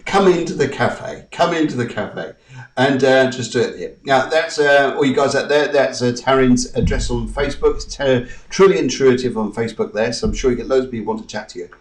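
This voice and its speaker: A man's voice: mid-range voice, brisk. Man with a distant, roomy voice, coaching. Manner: guides listeners through tapping affirmations, soft and coaxing. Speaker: host. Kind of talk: live-streamed spiritual talk show.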